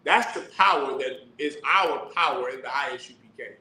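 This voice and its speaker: A man's voice: mid-range voice, normal speed, bright, forceful tone, reverberant, poor audio. A man teaching scripture in a sermon style, preaching emphatically with rhetorical questions and reading verses aloud. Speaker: teacher of a religious class.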